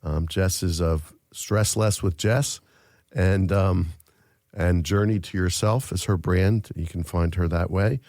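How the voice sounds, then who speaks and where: Deep, dark-voiced host. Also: male voice, fairly even intonation, slow pace, dry recording, studio quality. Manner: chatty, filler-heavy, joking. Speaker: podcast host. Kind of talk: casual interview hosting. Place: studio.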